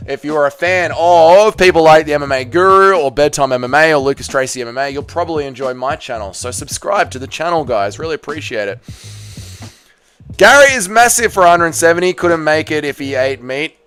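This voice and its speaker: A man's voice: on the high side, lively intonation, brisk, fairly bright tone, smooth. A young man hosting a live watch-party stream, reading and answering chat in a casual, profane, joking way.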